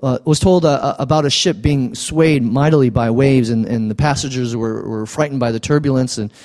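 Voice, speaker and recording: A man preaching a sermon as pastor in a conversational, halting way. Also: mid-range voice, a little mellow.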